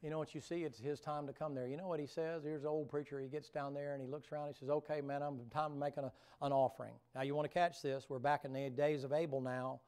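A man's voice: on the high side, fairly even intonation, quick pace, few pauses, darkish tone, clean tone. A man preaching at a revival in a church. He talks in a homespun, joking way, then builds to fervent preaching in front of the congregation. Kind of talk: folksy revival sermon. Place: church sanctuary before a congregation.

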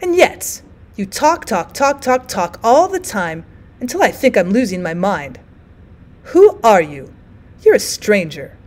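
A woman voicing a bitter, despairing bedridden old woman, loud and accusing. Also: medium pitch, very animated, a little slow.

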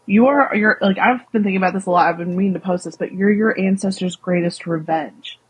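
A woman's voice: mid-range voice, fairly quick, husky, rough recording. A young woman with a Southern US accent, a guest speaking candidly and animatedly in a casual interview. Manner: candid, animated, many fillers.

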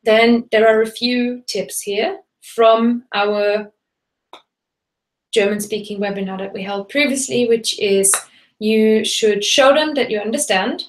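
A woman with a somewhat high voice teaches German in a relaxed live webinar, trading English explanations for German examples. Her talk is loose and chatty, full of fillers and restarts. The sound carries a roomy echo. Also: takes it slowly.

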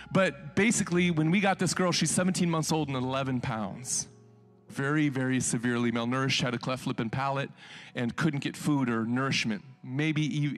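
High-voiced impassioned preacher man. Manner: impassioned, swinging between hushed storytelling and loud exhortation; colloquial, conversational preaching. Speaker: pastor. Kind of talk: sermon.

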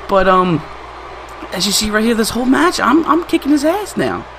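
A young man hosting a gaming channel, giving excitable, trash-talking gameplay commentary and laughing often. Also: high-pitched, moderate pace, gravelly, background noise.

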